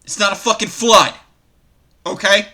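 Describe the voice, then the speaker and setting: The host, a man, reacts to online stories with an animated, meandering rant full of profanity. His voice is high-pitched and his delivery a little slow.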